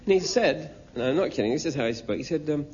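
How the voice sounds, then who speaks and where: A man's voice: on the high side, animated, quick pace, muffled recording, heavy background noise. Chatty Englishman recalling a story. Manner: chatty, acts out dialogue. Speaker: interviewee. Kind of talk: storytelling anecdote.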